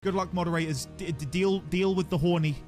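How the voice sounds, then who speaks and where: A man streaming a video game live, chatting casually with his viewers, animated and quick to laugh at himself. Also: sits high, faint music behind. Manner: animated, laughs often, self-deprecating asides to chat. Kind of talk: casual live gaming commentary.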